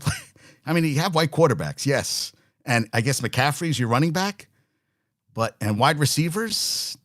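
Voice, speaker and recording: Animated, rambling sports podcast man. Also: mid-range voice, no echo, clean studio sound. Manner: animated, rambling, quick to swear and laugh. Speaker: podcast host. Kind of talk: casual sports talk.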